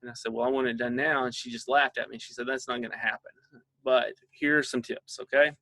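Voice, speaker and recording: A man's voice: mid-range voice, steady tone, fast talker, vocal fry, sharp tone, no echo. A middle-aged man, a father, leading a casual training session for parents and often checking in with his listeners.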